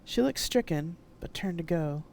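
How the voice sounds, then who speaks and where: Low-voiced woman reading her novel aloud. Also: moderate pace, creaky, a little hiss or hum. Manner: steady first-person narration. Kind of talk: live-streamed audiobook reading.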